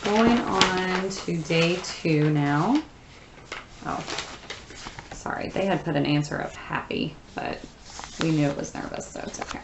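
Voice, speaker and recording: A woman teacher with a fairly low voice reads a story aloud and then goes through the answers, explaining patiently step by step and often pausing on fillers. Her room has a noticeable echo, and the background is noisy.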